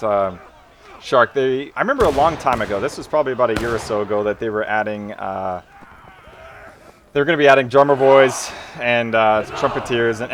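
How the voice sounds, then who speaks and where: A man's voice: mid-range voice, a bit bright, a little hiss or hum. A man live-streaming a game, chatting with viewers and calling orders to teammates. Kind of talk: casual live gameplay commentary.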